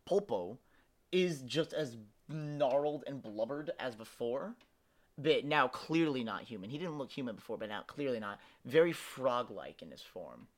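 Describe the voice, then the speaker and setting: A man's voice: mid-range voice, expressive, measured pace. A young man narrating as game master of a tabletop game, setting scenes vividly and dramatically.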